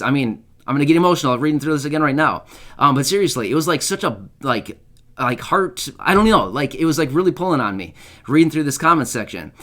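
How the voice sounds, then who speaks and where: A man's voice: on the high side, animated, quick pace, a bit bright. Earnest rambling man talking to camera. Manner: earnest, rambling, heartfelt, many fillers. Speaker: channel host. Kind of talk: casual to-camera talk.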